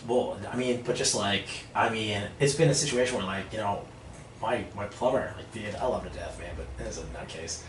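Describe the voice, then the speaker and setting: Speaking fairly quickly in a voice on the low side, a man guesting on a podcast tells stories in an animated, casual chat, laughing as he goes and acting out voices. The room is echoey, the mic sits at a distance, and there's faint noise.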